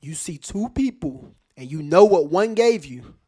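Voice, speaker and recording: A man's voice: on the high side, expressive, unhurried, warm tone. A man hosting a podcast, talking straight to his listeners in casual commentary, emphatic and full of rhetorical questions. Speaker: podcast host.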